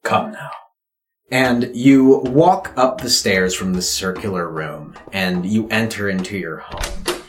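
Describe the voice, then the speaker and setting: A man narrates a tabletop game as its game master, slow and dramatic, with a low voice. The room around him is echoey. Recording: roomy echo.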